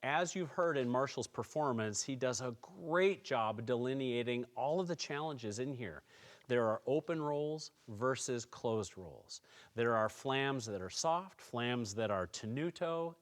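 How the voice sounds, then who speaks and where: A man giving a calm, encouraging music lesson, explaining percussion technique step by step to students. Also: mid-range voice, measured pace. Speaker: music teacher. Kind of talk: instructional tutorial.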